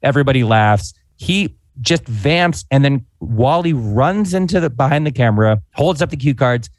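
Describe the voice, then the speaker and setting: A man in his forties telling an anecdote in animated, casual podcast chat, peppered with fillers. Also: mid-range voice, dry recording. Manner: animated, fast-paced anecdote with frequent "like" fillers. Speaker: podcast guest, former comedy writer. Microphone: podcast microphone.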